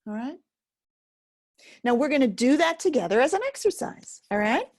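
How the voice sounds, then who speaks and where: A woman teaching an emotional healing method, speaking gently with long pauses. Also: high-pitched, very animated. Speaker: focusing teacher. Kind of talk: guided self-help teaching.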